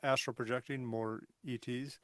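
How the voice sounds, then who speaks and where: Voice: medium pitch, fairly even intonation, normal speed, no echo. An interview host giving short reactions and asking probing follow-up questions in a casual chat.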